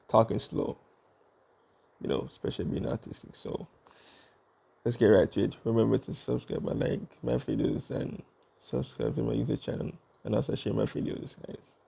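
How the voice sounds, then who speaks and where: A young man talks casually into his vlog, taking his time and wandering between points with plenty of fillers. His voice sits low and mellow, with a gravelly edge running through it. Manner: deliberate, rambling, with many fillers. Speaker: YouTube channel host.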